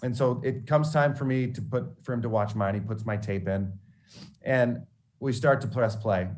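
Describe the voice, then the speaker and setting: Forties male sportscaster, mid-pitched, giving students an anecdotal talk with restarts. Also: moderate pace. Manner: animated anecdotal storytelling with frequent restarts. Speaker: TV sports reporter speaking to students. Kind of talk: storytelling motivational talk.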